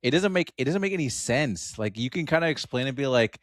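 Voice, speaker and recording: A man co-hosting a film podcast, talking loosely and chattily with plenty of filler words. His pitch is an everyday middle. The recording is dry and close to the mic. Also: lively intonation, fairly quick, no room sound. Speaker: podcast co-host. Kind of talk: casual film review chat.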